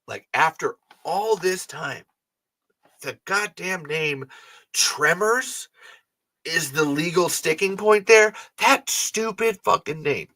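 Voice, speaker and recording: A man's voice: a little high, lively intonation, slow, bright, forceful tone, no room sound. A man hosting a fan podcast, talking casually and rambling, frustrated and swearing often. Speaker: podcast host.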